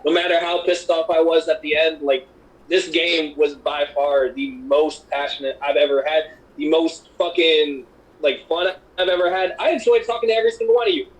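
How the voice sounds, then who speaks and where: A man with a notably high voice talks in an emotional, rambling way. He fills his sentences with "like" and circles back on himself as he thanks the other players. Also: steady tone, moderate pace, rough recording. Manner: rambling, heartfelt, heavy on "like". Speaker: game player. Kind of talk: emotional casual chat.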